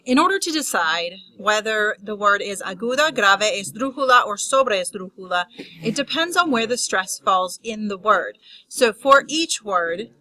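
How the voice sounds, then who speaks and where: A woman teaching a lesson on grammar rules, unscripted with restarts and fillers, spelling out terms slowly. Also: a little high, bright, forceful tone, no echo, rough recording. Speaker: Spanish teacher.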